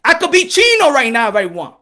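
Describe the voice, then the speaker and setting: A man hosting a boxing channel, delivering impassioned, preachy commentary and switching between English and Spanish, rising to shouts when worked up. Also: extremely high pitch, huge pitch swings, fast talker.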